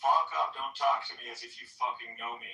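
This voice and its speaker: A man rants in an aggressive, profane stream during a heated voice chat. His voice is very bright and sits in a roomy space, and it sounds distant from the mic. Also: mid-range voice, fairly even intonation, quick pace, vocal fry. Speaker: voice chat participant.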